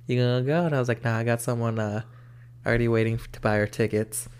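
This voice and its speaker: Halting young man in casual chat. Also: medium pitch, fairly even intonation, darkish tone, clear, resonant tone. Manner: halting, many fillers and restarts. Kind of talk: casual chat between friends.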